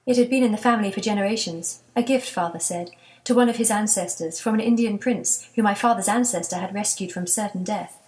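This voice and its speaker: A woman narrating a children's chapter book in a steady, gentle storytelling manner. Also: medium pitch, brisk. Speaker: audiobook narrator.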